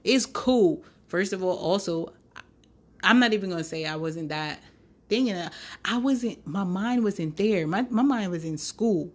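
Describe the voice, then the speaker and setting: A young woman hosting a podcast, telling a story in a sassy, animated way with lots of slang and laughter. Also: mid-range voice, measured pace. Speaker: podcast host. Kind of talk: casual storytelling.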